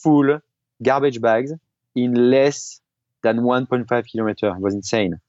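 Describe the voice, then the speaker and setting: A man guest on an interview, a pro mountain biker, telling stories in a lively casual way and laughing often. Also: mid-range voice, a little slow, dry recording. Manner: animated storyteller, laughs often. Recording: slightly dull lo-fi sound.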